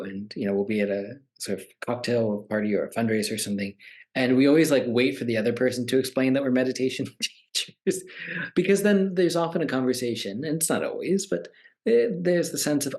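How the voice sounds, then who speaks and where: Animated man, mid-pitched, conversational. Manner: animated, acts out quoted voices. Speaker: meditation teacher. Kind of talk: conversational talk.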